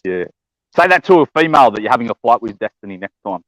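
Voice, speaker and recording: A man's voice: medium pitch, very animated, fast, a bit bright, dry recording, rough recording. A tired man, chatting casually and laughing easily. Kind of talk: casual chat.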